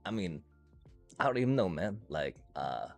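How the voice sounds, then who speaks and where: A man with a very low, gravelly voice rants his way through a card game on stream, swearing at nearly every turn. His pitch swings widely as he vents. Faint music plays underneath. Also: sing-song, normal speed. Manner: frustrated, swears constantly, rants. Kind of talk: casual gaming commentary.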